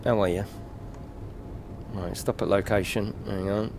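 Unhurried and a little mellow, an English streamer's lowish voice carries vocal fry and fairly even intonation over slight background noise. He plays a game live, laughing, swearing and joking with his audience in British English.

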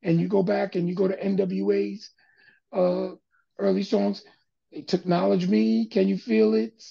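An older man, a music producer appearing as a guest, tells stories in a casual interview, animatedly acting out other people's voices as he goes. His voice sits high and sounds creaky and husky, his pace is unhurried, and the recording is muffled.

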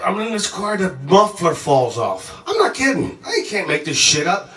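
Excitable, cursing man in an echoey room. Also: high voice, normal speed, few pauses. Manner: excitable, profane, jumps around mid-sentence. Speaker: storyteller. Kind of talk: casual rambling anecdote. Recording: echoey room, mic at a distance.

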